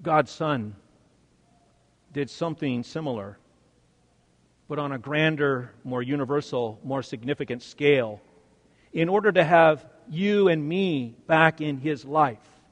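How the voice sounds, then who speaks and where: A male pastor preaching a sermon, swinging from loud, stressed words to hushed, quiet lines. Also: a little high, measured pace, pauses often, in a large hall.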